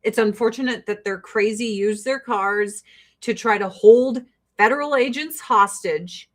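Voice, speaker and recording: A woman's voice: fairly high pitch, a little slow. A woman host giving profane, exasperated commentary to her livestream viewers and mocking the people she talks about.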